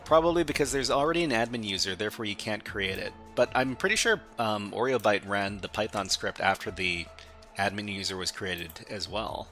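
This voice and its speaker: A man's voice: fairly low pitch, expressive, brisk, bright, forceful tone, faint music behind. A man hosting a live stream, chatting casually as he works through a hacking exercise, often restarting his phrases. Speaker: stream host.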